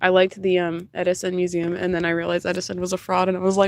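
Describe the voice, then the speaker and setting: A woman's voice: on the low side, completely flat delivery, gravelly, a little mellow. Rambling, joking young woman streamer. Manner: rambling, joking, quick to laugh. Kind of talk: casual chat while crafting on a livestream. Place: at home, moving furniture.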